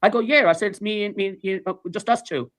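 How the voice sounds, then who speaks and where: A man's voice: sits high, quick pace. A man casually telling a story, acting out the dialogue, swearing and laughing as he goes. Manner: animated storytelling, acts out dialogue, swears, laughs mid-sentence. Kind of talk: casual anecdote.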